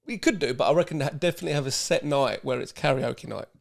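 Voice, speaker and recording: A man's voice: mid-range voice, lively intonation, quick pace, creaky. Laid-back man hosting a chat podcast. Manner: laid-back, laughing, swearing banter. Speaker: podcast host. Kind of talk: casual chat.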